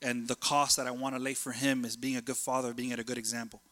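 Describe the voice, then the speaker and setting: A man preaching a sermon in a chatty, animated way, telling family stories and jumping between thoughts. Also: medium pitch, fast talker, in a large hall.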